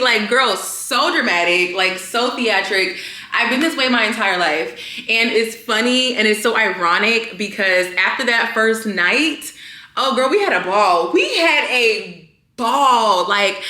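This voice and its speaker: A young woman vlogging, chatting casually to the camera in an animated way, full of fillers. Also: fairly high pitch. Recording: echoey room.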